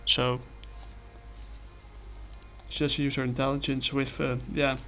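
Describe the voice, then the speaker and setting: A man talks casually through a comic review in a gravelly, mid-pitched voice. He rambles, with many fillers and apologies, while faint music plays underneath. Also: monotone, measured pace, bright, forceful tone.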